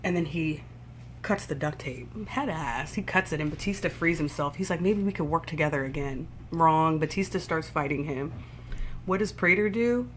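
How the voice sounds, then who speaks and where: Woman, lowish voice, casual TV recap vlogger, swearing, animated storytelling. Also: moderate pace, a little hiss or hum. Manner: profane, animated storytelling with sound effects.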